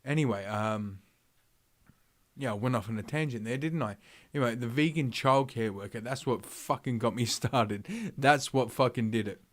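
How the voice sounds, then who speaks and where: A man's voice: medium pitch, moderate pace. A man streaming live, ranting through his opinions in a rambling, profane way, full of fillers and restarts. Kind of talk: livestream commentary rant.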